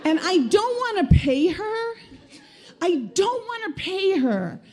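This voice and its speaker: Wry, high-voiced woman telling a story live. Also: takes it slowly, a crowd in the background, noisy background. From American Midwest. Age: 30s. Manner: wry, animated and self-mocking. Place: stage of a small music venue.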